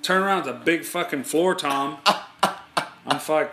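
A man's voice: fairly high pitch, unhurried, roomy sound, background noise. A man telling a rowdy story in casual chat, swearing a lot and acting out what people said. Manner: animated, profane, acts out quotes. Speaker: podcast host telling a story.

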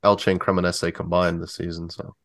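Low-voiced man guessing quiz answers. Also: little pitch movement, brisk, dry recording. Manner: thinks aloud and works through his guesses. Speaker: quiz contestant. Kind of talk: casual chat.

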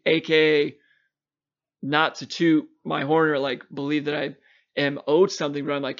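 A man's voice: on the high side, moderate pace. A young man from Long Island with a New York accent, co-hosting a podcast and telling a story with lots of swearing, acting out both sides of the conversation. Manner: animated, profane, acts out both sides of a story. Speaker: podcast co-host. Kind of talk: casual storytelling chat. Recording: muffled lo-fi recording.

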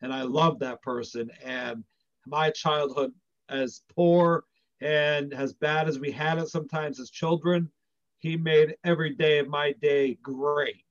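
Quiet man with a dull lo-fi sound. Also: on the high side, fairly even intonation, unhurried. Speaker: podcast co-host. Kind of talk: casual podcast chat.

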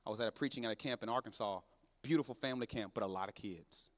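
A man preaching a sermon in church, dropping low and quiet then building up loud and fervent. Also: fast talker, in a large hall. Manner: swings from low and quiet to loud and shouting, plain Southern-leaning speech.

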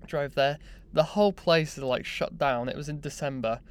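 A young man telling a personal story in a casual, animated, self-mocking way. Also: a little high, moderate pace, clean tone. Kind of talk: casual anecdote monologue.

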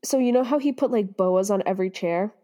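A woman's voice: medium pitch, brisk, dark tone. A young woman co-hosting a casual fan podcast, gushing and squealing and laughing often. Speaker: podcast co-host.

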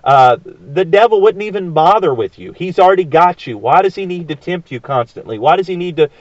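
A man delivers a sermon in an earnest, emphatic way, asking rhetorical questions and pausing on fillers. His voice sits a little high for a man. The recording is muffled and dry, with no room sound. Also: animated, dry recording. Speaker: preacher.

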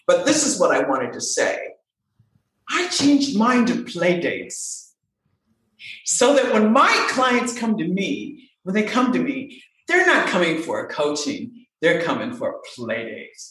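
Animated woman voice coach, echoey room. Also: fairly low pitch, measured pace. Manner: animated, playful, emphatic repetition. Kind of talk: casual interview talk.

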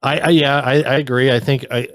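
A man's voice: mid-range voice, fairly even intonation, a little fast, no room sound, clean studio sound. A man hosting a call-in show, blunt and teasing, often restarting his sentences. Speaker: host. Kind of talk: call-in banter.

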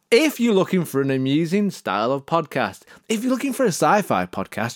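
A man's voice: mid-range voice, huge pitch swings, fast, no room sound, clean studio sound. A man giving podcast production tips in a jokey, mock-serious monologue, theatrical and full of sudden vocal swoops. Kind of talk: comic tutorial monologue.

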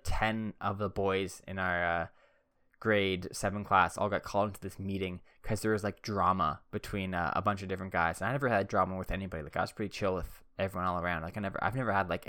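A man's voice: low voice, sharp tone, clean tone, dry recording, studio quality. A man in his thirties telling stories in a casual, rambling, laid-back way, with many fillers. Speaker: vlogger. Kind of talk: casual storytelling.

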